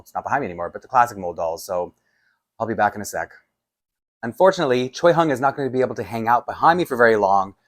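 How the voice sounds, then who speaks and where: A man, chatting casually to camera as a doll collector, rambling with many restarts and light laughs. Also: mid-range voice. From Canada.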